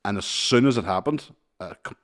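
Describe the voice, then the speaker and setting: Animated man telling a story. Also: fairly low pitch, a little fast. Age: 30s. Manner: animated, swears a lot, laughs mid-story. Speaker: podcast co-host. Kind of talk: casual storytelling chat.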